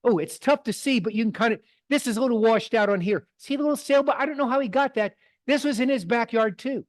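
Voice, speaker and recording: In a club meeting room, a middle-aged man gives a casual slide talk to a photography club, his voice extremely high and his pace quick. He tells stories in a folksy way and often wanders off on tangents.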